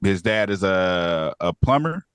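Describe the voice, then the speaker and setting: Podcast co-host, man, low voice, animated recap, dry close mic. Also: measured pace, clean tone, dry recording. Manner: laughing, animated retelling of plot with quoted lines. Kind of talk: casual review chat.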